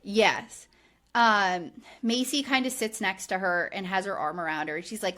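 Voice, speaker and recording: A woman's voice: mid-range voice, normal speed. A woman co-hosting a podcast, chatting casually with lots of "like" and acted-out quotes. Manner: animated, frequent "like", acts out quoted lines. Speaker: podcast co-host. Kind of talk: casual recap chat.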